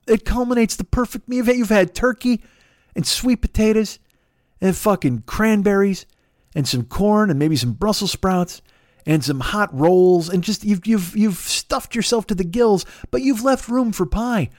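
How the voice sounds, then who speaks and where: A middle-aged podcast host from Chicago rants casually, swearing a lot and stumbling into restarts. His voice is high-pitched at a moderate pace, captured dry with clean studio sound. He comes across as profane and animated.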